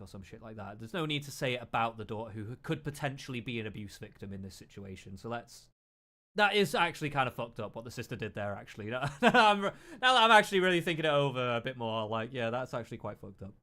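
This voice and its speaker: A man's voice: medium pitch, sharp tone. A man giving casual reaction commentary, thinking aloud, repeating himself and swearing freely.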